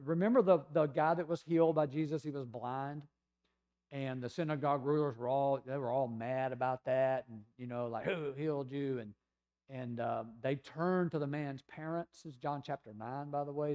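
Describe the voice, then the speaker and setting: A man from the United States preaching a sermon in a conversational storytelling way, sometimes dropping to a soft, hushed voice. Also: medium pitch, steady tone, moderate pace, muffled recording. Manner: conversational storytelling, acting out voices of people in the scripture passage; drops to a soft, hushed voice in tender passages. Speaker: pastor.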